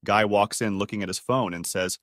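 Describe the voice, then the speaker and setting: A man reading online stories aloud as scripted narration, in a lively, animated way. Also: fairly low pitch, fairly quick, no room sound, studio quality. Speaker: story narrator.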